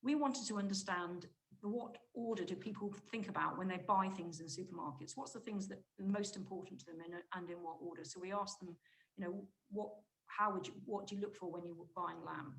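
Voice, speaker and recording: A woman giving a conference presentation on shopper research, talking briskly and emphatically with frequent restarts mid-phrase. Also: on the low side, fairly even intonation, a bit bright, rough recording. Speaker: conference speaker, market insight director.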